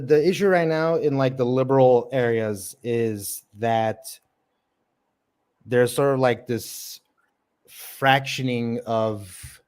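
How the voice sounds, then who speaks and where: A man's voice: medium pitch, a little mellow, smooth. A man who does open mic comedy, hosting a casual livestream chat and rambling with lots of fillers and swearing. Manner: rambling, profane, filler-heavy. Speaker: livestream host.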